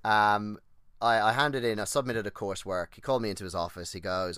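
A man's voice: lowish voice, steady tone, fast, fairly bright tone, clean tone, no room sound, studio quality. A man on a podcast as a guest, casually telling personal stories, swearing freely and acting out the people he quotes, often restarting and drifting onto tangents. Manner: rambling, restarts and goes on tangents. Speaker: podcast guest, exercise physiologist.

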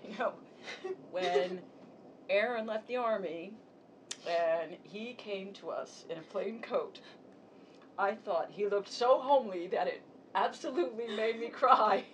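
An actress gives us a caring older sister who talks slowly and tenderly. Her voice comes from a distance on a live stage, with a steady noise under it. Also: medium pitch. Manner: soothing, tender. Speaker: stage actor. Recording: distant stage mic, noisy.

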